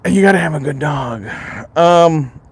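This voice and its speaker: A man's voice: fairly high pitch, unhurried, husky. A man from Alaska hosting a casual livestream, rambling and swearing freely as he chats with his viewers. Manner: rambling and heavily profane, chatting directly to viewers. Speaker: livestream host.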